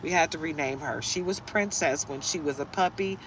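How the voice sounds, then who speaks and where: A woman's voice: low voice, normal speed. A chatty woman running a casual tarot reading who drifts into rambling stories. She laughs easily, and faint traffic noise hums in the background. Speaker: tarot reader. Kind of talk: casual live reading chat.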